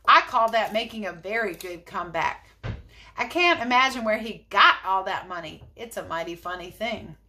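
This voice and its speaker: A woman reading a storybook aloud and voicing a cheerful, excited male storekeeper who talks high and eagerly. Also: moderate pace, a little hiss or hum.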